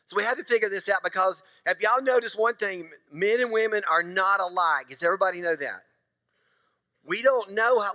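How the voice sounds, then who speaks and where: A man's voice: fairly high pitch, pushed and bright. A man preaching a sermon, joking and asking the congregation questions. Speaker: pastor. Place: church sanctuary.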